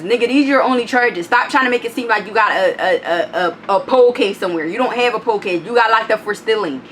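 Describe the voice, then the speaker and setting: A woman's voice: mid-range voice, expressive, a little fast, bright, forceful tone, slight background noise. A young woman telling a story in casual vlog style, blunt and profane, acting out the other people's lines as she quotes them.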